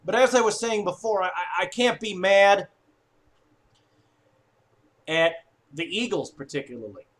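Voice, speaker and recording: A man giving an upset, sweary sports fan rant, swinging from low muttering to shouting. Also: measured pace, pauses often. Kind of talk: ranting fan monologue.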